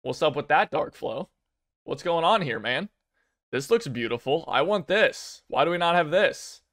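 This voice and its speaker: A young man giving casual commentary on game news, rambling and excitable, with many fillers and restarts. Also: a little high, moderate pace. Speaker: gaming video creator.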